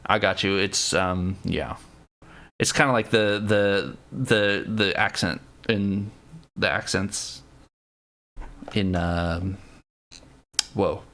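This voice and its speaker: A man's voice: sits low, slow pace, pauses often, a bit bright. A man hosting a casual livestream. He talks with viewers in a rambling, profane way, full of fillers and restarts, and playfully tries out foreign words. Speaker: livestream host.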